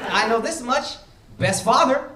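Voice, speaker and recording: A man's voice: very high-pitched, expressive, a little slow, noisy background. A man doing stand-up, brashly and profanely teasing people in the audience and riffing on his relationship. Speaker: stand-up comedian. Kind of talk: stand-up crowd work and bits. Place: comedy club with a laughing audience. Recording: live club recording with crowd laughter.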